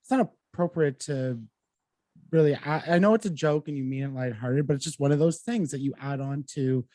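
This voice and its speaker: A man's voice: a little high, a little fast, warm tone, no room sound. A man hosting a podcast, thinking aloud in a reflective, hesitant way. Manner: reflective, hesitant, with many fillers. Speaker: podcast host. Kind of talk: casual podcast interview.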